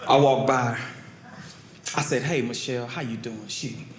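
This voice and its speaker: A man doing a stand-up comedy routine, telling stories animatedly, swinging from loud yelps to low mutters. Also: fairly even intonation, normal speed. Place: comedy club stage. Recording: roomy live stage sound with crowd. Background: laughing audience.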